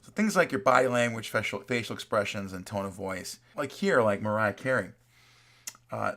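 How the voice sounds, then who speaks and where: A man's voice: on the low side, expressive, normal speed, pushed and bright. A man teaching a college class in a recorded lecture, talking in a conversational way, reading quoted examples aloud and often checking in with "right?".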